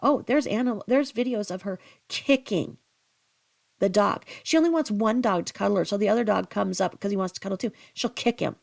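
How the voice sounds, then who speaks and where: A woman's voice: medium pitch, fairly quick, vocal fry, a little mellow. A woman hosting a commentary channel, ranting bluntly and profanely about another online creator. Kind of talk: angry commentary.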